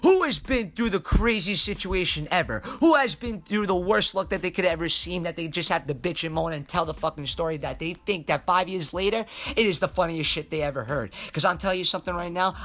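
A man's voice: high voice, bright, forceful tone. A young man hosting a podcast, telling a story in a rambling, profane, emphatic way. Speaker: podcast host. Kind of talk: casual storytelling monologue.

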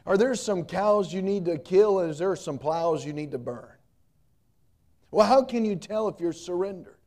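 A middle-aged pastor preaching with emphatic repetition and homespun humor. His voice sits a touch high for a man yet sounds mellow and warm. He leans hard on his key points. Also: expressive, normal speed. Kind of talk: sermon.

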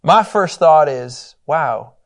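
A man teaching a Bible lesson in a conversational, animated way, acting out the quotes. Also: on the high side, normal speed.

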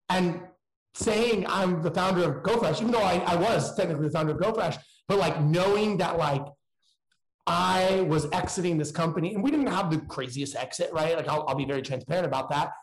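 A man's voice: sits high, brisk, reverberant, low-quality recording. A man speaking candidly in a casual, slangy way, with frequent restarts. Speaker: guest entrepreneur.

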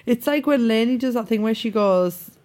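A woman's voice: on the high side, normal speed, a little mellow. A young woman co-hosting a podcast in casual, blunt, teasing and sweary chat. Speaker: podcast co-host.

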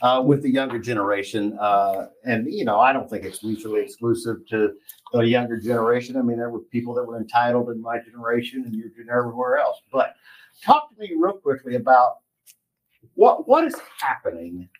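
A man interviewing a guest, asking measured, probing questions. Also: mid-range voice, animated, poor audio.

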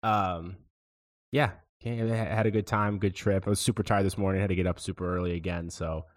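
Chill young guy rambling about his weekend on a podcast, kinda low voice. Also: fairly even intonation, fairly quick. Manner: laid-back rambling storyteller. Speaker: podcast co-host. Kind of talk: casual chat.

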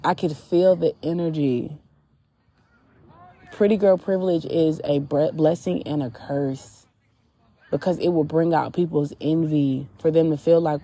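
A woman's voice: low voice, steady tone, gravelly, mellow, husky. A woman hosting a podcast, candidly and reflectively telling her personal faith testimony. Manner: candid and reflective, with drawn-out pauses. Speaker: podcast host.

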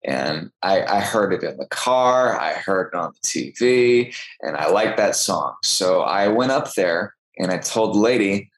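A man's voice: low-pitched, lively intonation, a little slow, hardly any pauses, rough recording. A young man from Texas, an actor, telling stories in a casual interview with a chatty, self-deprecating manner. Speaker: guest actor.

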